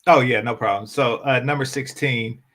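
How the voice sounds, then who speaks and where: Bright-voiced man hosting a panel. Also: mid-range voice, fairly even intonation, normal speed. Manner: joking, laughs often. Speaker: host. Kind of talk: casual panel chat.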